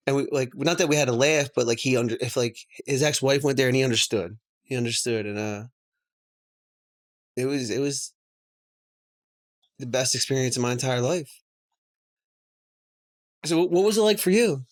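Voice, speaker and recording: A man tells his story on a podcast. He rambles candidly, packing his talk with fillers and small laughs, at a middle pitch for a man. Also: moderate pace, pauses often, fairly bright tone. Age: 40s. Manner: rambling, lots of "like" and laughs between words. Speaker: podcast host.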